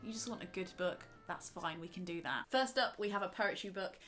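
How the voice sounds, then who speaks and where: A woman's voice: on the low side, a little fast, a bit bright, faint music behind. A woman from the English Midlands, talking casually and enthusiastically as a book vlogger, with lots of filler words. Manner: chatty and gushing, full of "like" fillers.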